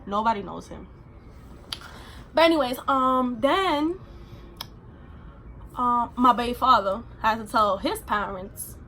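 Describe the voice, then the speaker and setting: A young woman tells a personal story for her vlog in a loose, chatty ramble, filling pauses as she goes. Her voice sits a little high, and a faint noise hums under it. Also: fairly bright tone. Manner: chatty, rambling, full of fillers. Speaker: vlogger. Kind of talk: casual storytime.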